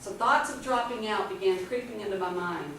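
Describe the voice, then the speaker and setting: A woman in her fifties giving an inspirational speech, telling her story with dramatic pauses. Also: mid-range voice, a bit bright. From Texas, USA. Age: 50s. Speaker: motivational speaker. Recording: echoey hall from far off, faint noise.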